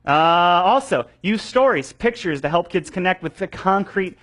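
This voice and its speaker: A young man with a slightly higher voice, teaching a room of volunteer teachers. He talks in a loose, animated way, full of fillers and quick restarts, and slips into playful voices to act out students. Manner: acts out voices of students for effect. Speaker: children's ministry trainer. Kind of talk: teaching a training session.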